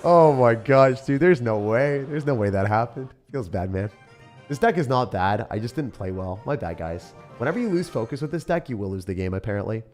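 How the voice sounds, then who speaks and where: A man chatting excitedly while live-streaming a mobile game, often laughing and talking to his viewers. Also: mid-range voice, brisk, soft background music. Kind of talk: live-stream gameplay chat.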